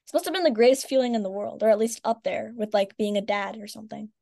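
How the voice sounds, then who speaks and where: A woman's voice: medium pitch, fast talker, gravelly, warm tone. A woman hosting an interview, speaking casually and with enthusiasm. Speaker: interview host.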